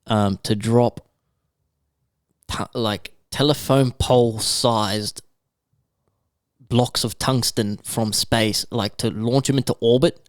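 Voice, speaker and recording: A man's voice: mid-range voice, steady tone, takes it slowly, pauses often, dry recording, studio quality. A man co-hosting a casual podcast, rambling through stories with lots of fillers. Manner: rambling, filler-heavy storytelling. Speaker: podcast co-host. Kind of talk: casual chat.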